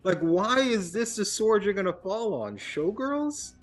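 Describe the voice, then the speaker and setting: A man with a fairly high voice talks through a film in casual banter. He gets animated and mocking, and he swears freely. Faint music plays beneath him. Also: moderate pace. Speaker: podcast co-host.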